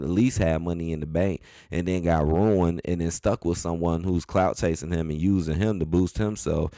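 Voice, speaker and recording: Guy ranting about wrestling, deep dark voice, dry close sound. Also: dry recording. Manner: animated, repetitive, colloquial. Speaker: wrestling commentary host. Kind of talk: casual opinion rant.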